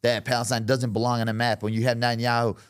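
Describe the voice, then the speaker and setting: A man's voice: medium pitch, little pitch movement, fast talker, clear, resonant tone. An earnest man in his thirties with a mid-range voice, talking as a guest in a podcast studio. He often restarts his sentences as he works through a point. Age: 30s. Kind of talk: casual conversation.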